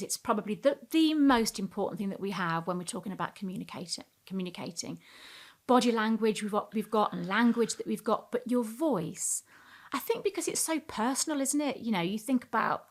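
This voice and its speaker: Interviewed on a podcast, a middle-aged woman who coaches communication talks with expressive flair, shifting pitch and speed for emphasis.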